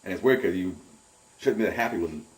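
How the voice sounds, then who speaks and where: A middle-aged man giving a rambling, animated personal account in an interview, often repeating his words. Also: low voice, brisk. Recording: roomy and distant from the mic.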